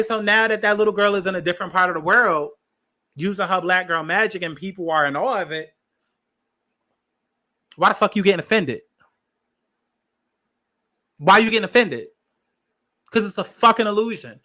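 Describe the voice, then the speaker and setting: A man rants on a podcast in a high, bright, sharp voice. He sounds agitated and profane, and he drives his points home by repeating himself. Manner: profane, emphatic, repeats lines for stress. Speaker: podcast host. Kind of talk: heated podcast rant.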